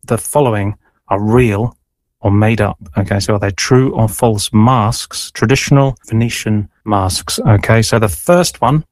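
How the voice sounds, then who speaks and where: A man's voice: on the low side, measured pace, no room sound. A man hosting a radio show, chatting casually with a guest and running a playful quiz, with lots of fillers and hedges.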